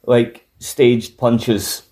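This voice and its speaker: A man's voice: mid-range voice, flat delivery, very slow, darkish tone. A man co-hosting a casual wrestling podcast, trading crude banter and insults while drinking. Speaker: podcast co-host.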